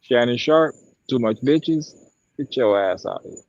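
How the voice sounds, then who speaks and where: An unhurried, mid-range voice with no room sound and the highs cut off belongs to a podcast co-host and sideline broadcaster. He tells a long, profane story in casual chat, animated and acting out the quotes.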